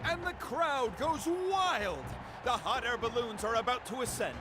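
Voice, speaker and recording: A showy, upbeat tournament commentator, in a high, lively voice that rises and falls like a broadcast announcer. Game music plays under him. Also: male voice, a little slow. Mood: hyped.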